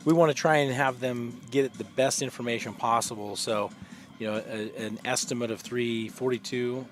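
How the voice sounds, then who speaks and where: A man's voice: medium pitch, fairly even intonation, moderate pace, soft background music. Chatty male golf commentator. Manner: chatty and explanatory, with many fillers. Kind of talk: live sports commentary.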